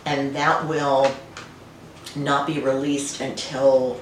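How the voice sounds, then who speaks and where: A middle-aged woman winemaker, a guest in a casual conversational interview, tells stories warmly in a low, level voice, speaking slowly with frequent fillers and restarts. She's recorded far from the mic in an echoey room, with faint noise.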